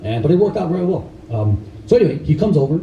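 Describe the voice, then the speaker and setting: A middle-aged man who is a karate instructor, telling animated stories to a live audience, laughing often and acting out the people he quotes. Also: fairly high pitch, quick pace, highs cut off, slight background noise. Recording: echoey room, voice far from mic.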